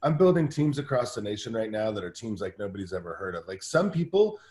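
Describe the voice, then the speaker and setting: A man talking in a casual interview as a guest coach, telling energetic stories with lots of restarts. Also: fairly low pitch, echoey room. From Southern California. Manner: energetic, fast storytelling with many restarts. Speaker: guest team-building coach.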